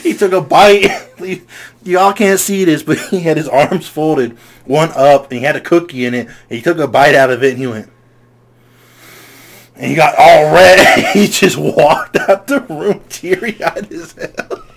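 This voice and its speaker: Young man telling animated high school stories. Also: measured pace, gravelly. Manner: animated storyteller, acts out quoted voices. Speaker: podcast co-host. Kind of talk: casual chat.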